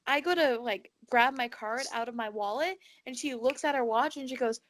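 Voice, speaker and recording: On a podcast she co-hosts, a teen girl recounts a dream in a casual, animated way, performing the quoted voices and cursing without restraint. Her voice is high and her speed is normal.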